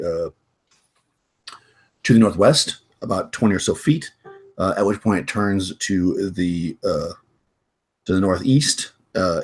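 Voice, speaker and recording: A man with a low, slightly husky voice narrates a tabletop game as its game master. He speaks haltingly, with many "uh"s and restarts as he lays out the room. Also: darkish tone.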